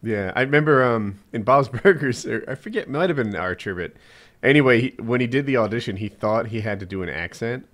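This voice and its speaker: A man's voice: medium pitch, lively intonation, brisk, a bit bright. A man in casual chat, enthusiastic, stammering over his words and swearing casually.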